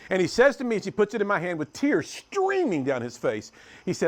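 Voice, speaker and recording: With a high voice and huge pitch swings, a middle-aged American youth speaker talks fairly quickly as he motivates a youth group. He tells stories and moves between booming and hushed delivery.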